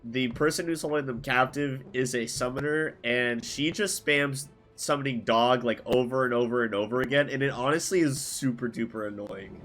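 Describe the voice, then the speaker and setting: A man's voice: medium pitch, normal speed, hardly any pauses, a bit bright. A man guesting on a gaming podcast, talking casually and leaning heavily on "like". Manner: casual, heavy use of "like".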